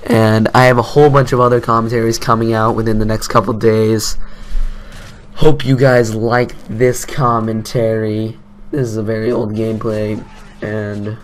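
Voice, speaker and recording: Over a faint hiss or hum, a teenage gaming commentator with a lowish voice chats casually about his gameplay. He rambles through a story, poking fun at himself along the way.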